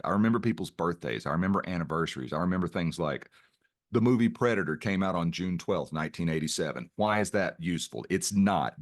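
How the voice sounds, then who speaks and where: A middle-aged man as a podcast guest, telling a personal story in an earnest way and often restarting his phrases. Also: sits low. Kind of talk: reflective interview storytelling.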